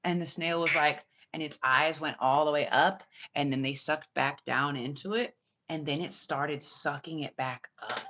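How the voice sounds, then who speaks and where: A spiritual reader telling a long personal story in a rambling, excitable way, swearing often and full of filler words. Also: medium pitch, normal speed, a little hiss or hum. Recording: slightly muffled lo-fi audio.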